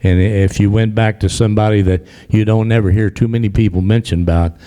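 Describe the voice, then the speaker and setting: Older man from the audience, low, mellow, rambling, echoing hall. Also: fairly even intonation, fairly quick. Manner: folksy, meandering, many restarts. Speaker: audience member. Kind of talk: rambling public remarks. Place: library event hall. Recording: long hall reverb.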